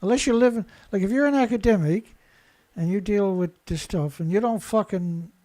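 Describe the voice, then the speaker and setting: A man's voice: high-pitched, normal speed, warm tone. A man giving a profane, sarcastic rant as he reads and mocks news reports. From Canada. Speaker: environmental commentator. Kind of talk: ranting commentary over news clips.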